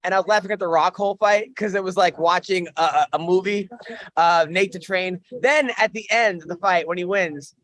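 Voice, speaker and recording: A man's voice: high-pitched, normal speed, a bit bright. A man co-hosting a casual sports podcast, chatty and rambling, laughing often. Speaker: podcast co-host.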